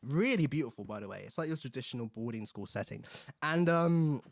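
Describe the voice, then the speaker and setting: A young man hosting a casual film review, chatty and animated, acting out the characters' lines. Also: medium pitch, brisk, creaky, dry recording, studio quality. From England. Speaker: host.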